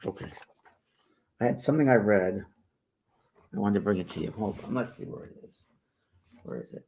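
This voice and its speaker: A middle-aged man hosting a spiritual livestream, chatting casually and greeting viewers in a relaxed, rambling way. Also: on the low side, normal speed, gravelly, a little hiss or hum. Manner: relaxed and rambling, with many fillers and restarts. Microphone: phone or webcam held by the speaker.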